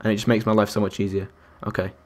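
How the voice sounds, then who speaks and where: A young man chats quickly through a live game stream in a fairly low voice with flat delivery. He counts out loud and reacts to viewers and other players.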